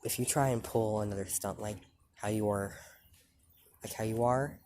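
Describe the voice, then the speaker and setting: A man's voice: fairly low pitch, fairly even intonation, a little mellow, slight background noise, close to an everyday voice. A man doing an angry teenage hero boy. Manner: halting, repeats words while threatening. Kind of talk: casual fan-story retelling.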